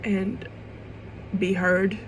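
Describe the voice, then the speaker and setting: A woman's voice: medium pitch, little pitch movement, very slow, a little hiss or hum, rough recording. A young woman vlogging to camera in an emotional personal monologue. She rambles and restarts, swears casually, and fights back tears.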